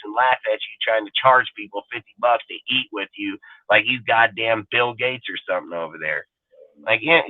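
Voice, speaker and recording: A man's voice: medium pitch, no room sound. A man hosting a live sports talk show, ranting angrily and swearing constantly in a rambling way. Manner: angry, foul-mouthed, rambling. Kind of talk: profane live-stream rant. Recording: dry phone-like audio.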